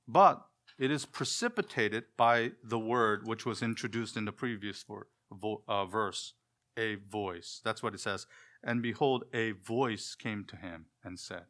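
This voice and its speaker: A man gives an expository sermon in a voice on the low side, speaking a little slowly. He asks the congregation questions, answers them on his own, and often lets the ends of his phrases fade softer.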